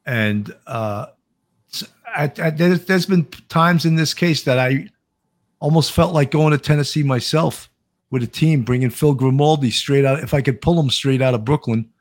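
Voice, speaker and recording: A man's voice: fairly high pitch, moderate pace. A chatty man with a New York accent hosts a casual livestream. He laughs easily and often restarts his sentences. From Long Island, New York. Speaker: host, former investigator.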